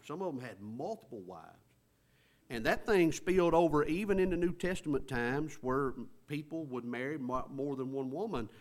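Folksy preacher man. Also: medium pitch. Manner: folksy, conversational, drawn-out emphasis. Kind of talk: sermon.

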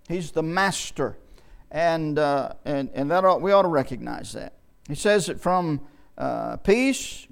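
High-voiced man preaching a folksy sermon. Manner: folksy, repeats and restarts words, slows for scripture.

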